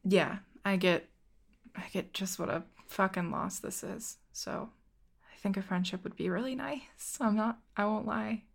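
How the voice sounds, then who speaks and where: A woman voicing a grieving young woman who speaks softly and emotionally. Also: mid-range voice, steady tone, a little slow, creaky. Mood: wistful. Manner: emotional, soft.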